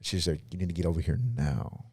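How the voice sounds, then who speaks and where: Low-voiced man telling a personal story. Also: fairly even intonation, fast, a little mellow, husky, dry recording, studio quality. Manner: casual and earnest, quoting others in dialogue. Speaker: pastor and podcast guest.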